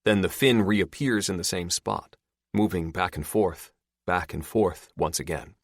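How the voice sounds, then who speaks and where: A man narrating an audiobook in a steady, measured reading. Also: deep voice, dry recording, clean studio sound. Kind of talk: scripted narration.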